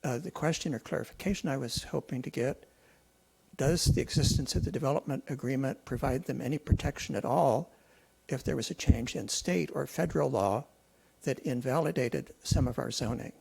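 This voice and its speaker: A man's voice: mid-range voice, moderate pace, gravelly, darkish tone, breathy edge, rough recording. A man giving public comment at a city council meeting, asking precise questions.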